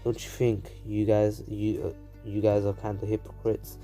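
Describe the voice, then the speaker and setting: Guy doing a bitter young ninja boy, low muttery voice, kinda dark and mellow. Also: completely flat delivery, normal speed, soft background music, natural voice. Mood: polite.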